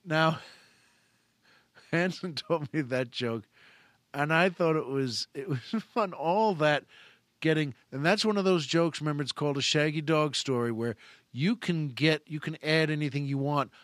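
High-voiced man telling a long joke. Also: unhurried, no echo. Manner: animated, rambling, self-correcting. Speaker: show host. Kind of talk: storytelling a joke.

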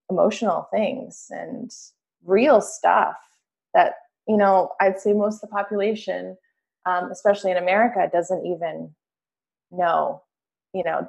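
A woman hosts a relaxed conversation in an earnest tone and turns animated when she tells a story. Her voice has a gravelly edge and sits on the low side. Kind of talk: casual conversation.

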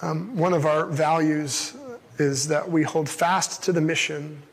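A man's voice: a little high, fairly even intonation, measured pace, husky. Man, pastor, casual sermon, amplified mic, church hall, long echo. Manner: casual, conversational preaching with fillers. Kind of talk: sermon with Bible reading. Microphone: amplified through a sound system. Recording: long reverb in a large hall.

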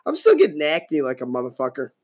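A man's voice: on the high side, wildly swooping pitch, fast, darkish tone. A man in his thirties hosting a solo podcast, rambling casually with lots of profanity and jokes. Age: 30s. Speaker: podcast host.

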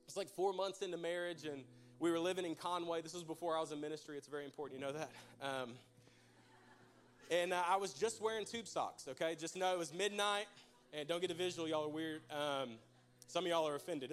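A man's voice: a little high, brisk, soft background music. A young man preaching a folksy, joking sermon to his church. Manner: folksy, joking, addresses crowd as y'all. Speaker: pastor.

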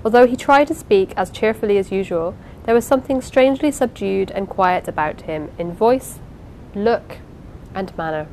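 A woman reading a classic novel aloud in a measured, expressive way, pausing now and then. Her voice sits at an ordinary middle pitch, with a faint low hum behind her. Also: low-quality recording. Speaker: audiobook reader. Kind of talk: unhurried amateur audiobook narration.

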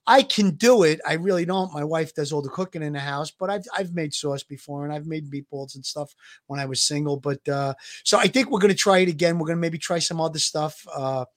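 A man's voice: a little high, brisk. A man in his sixties with a Brooklyn accent, an ex-detective co-hosting a podcast, chatting easily and rambling with many fillers. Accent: Brooklyn New York. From Brooklyn, New York. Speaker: podcast co-host, former police detective. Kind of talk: casual podcast chat.

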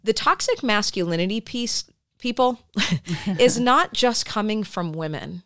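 A woman's voice: medium pitch, animated, a little slow. A woman co-hosting a podcast, a therapist who talks casually and rambles with fillers and restarts. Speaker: podcast co-host. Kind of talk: casual chat.

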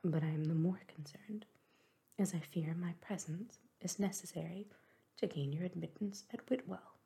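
A woman voicing a reserved, formal gentleman colonel in a whispered role-play reading. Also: fairly low pitch, moderate pace, creaky. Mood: grave.

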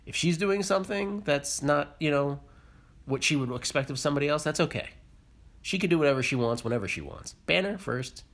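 Male podcast co-host, husky voice with a lively swinging pitch, blunt and opinionated, swears freely. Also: brisk. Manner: opinionated, swears, mimics people. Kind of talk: casual reality-TV recap chat.

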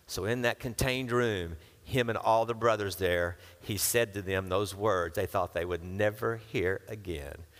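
Animated preacher man in a reverberant hall. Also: fairly low pitch, measured pace, hardly any pauses. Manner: lively, acts out characters with casual modern asides. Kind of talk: sermon with Bible reading.

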